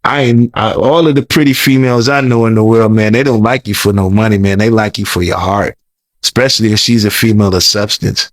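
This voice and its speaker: A man's voice: fairly low pitch, steady tone, a little fast, dry recording. A man telling a long story as an interview guest, rambling, repeating words, and talking in loose slang. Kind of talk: casual storytelling.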